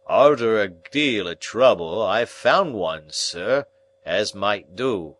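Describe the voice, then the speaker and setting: A man doing a slow, stuffy-nosed rough go-between. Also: lowish voice, expressive, a bit bright. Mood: wheedling. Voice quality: stuffy, head-cold voice. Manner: slow, dropped consonants. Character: slow, sniffling male hired go-between. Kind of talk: audiobook character reading.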